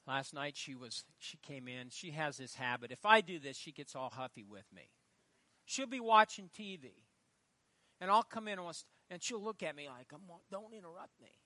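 A middle-aged male pastor preaching a sermon, telling stories with loud emphatic lines and quiet asides. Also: on the high side, animated, moderate pace, dry recording. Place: church.

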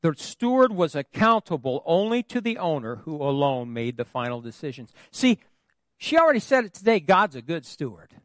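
A pastor at the church pulpit preaches in a sing-song voice that sits on the high side, at a moderate pace with no echo. He calls for answers from the congregation in call-and-response fashion and adds folksy, humorous asides.

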